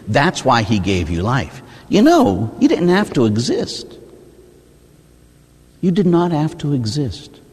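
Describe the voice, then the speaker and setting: Male priest giving a sermon, husky and animated, asks "huh?" a lot. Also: mid-range voice. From United States. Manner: animated preaching, asks "huh?" often, swings between loud and hushed. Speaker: Catholic priest. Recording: long hall reverb.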